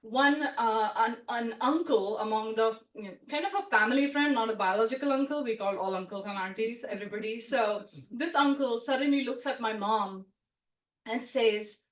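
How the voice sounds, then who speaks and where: A woman telling a personal story at a live story swap, chatty and animated, full of "like" and "you know". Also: a little high, normal speed. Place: storytelling event room with a live audience. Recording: roomy sound from a distant mic.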